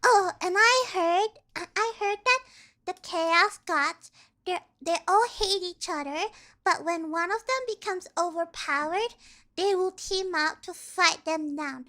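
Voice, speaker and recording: Super high bright-voiced girl streamer, excitable, keeps stammering. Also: a little slow. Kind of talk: casual chat reacting to a video.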